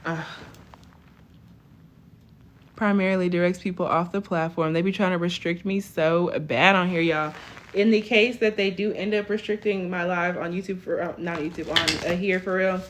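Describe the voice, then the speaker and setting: A woman's voice: fairly low pitch, steady tone, fairly quick, a little hiss or hum. A woman in her twenties giving a casual live tarot reading, chatty, tagging almost every line with "okay?". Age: 20s. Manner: chatty, tags lines with "okay?". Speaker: tarot reader.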